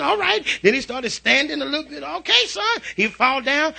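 A man preaching a revival sermon in a church, using call-and-response and breaking into shouts. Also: extremely high pitch, creaky, slight background noise. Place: church sanctuary.

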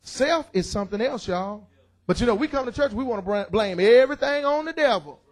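A middle-aged man preaching a loud, excited sermon in church, calling out to the congregation. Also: very high-pitched, fairly quick. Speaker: pastor. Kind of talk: energetic sermon.

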